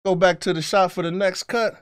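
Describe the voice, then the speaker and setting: A man's voice: high voice, fairly quick, smooth, no echo. A middle-aged man telling a long story on a podcast in casual, profane chat, acting out the voices of the people in it. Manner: animated, profane, acts out voices in his stories. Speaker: podcast co-host.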